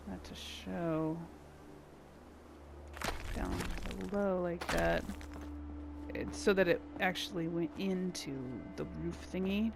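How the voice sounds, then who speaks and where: A woman's voice: fairly low pitch, vocal fry, noisy background. A woman giving casual gameplay commentary, muttering and thinking aloud to herself as she builds. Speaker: gameplay channel host.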